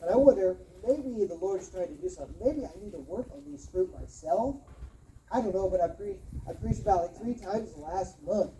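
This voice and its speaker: Mellow-voiced woman preaching in a roomy church. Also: mid-range voice, animated, recorded from a distance, slight background noise. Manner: earnest, emphatic, with repeated words and pauses. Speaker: pastor. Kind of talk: sermon. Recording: roomy sound from off-mic.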